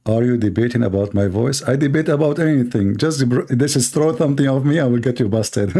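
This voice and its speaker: He speaks fairly quickly in a warm, medium-pitched voice with a breathy edge and an Arabic accent, Arabic being his first language. A Middle Eastern Christian apologist, he hosts a debate show with callers, teasing them in a sarcastic, mocking way.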